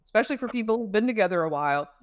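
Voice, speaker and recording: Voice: mid-range voice, animated, rapid-fire, no room sound. Podcast guest explaining parenting stuff, lots of "you know", dry close audio. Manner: thoughtful, explains with everyday analogies, many fillers. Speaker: parenting counselor or expert guest.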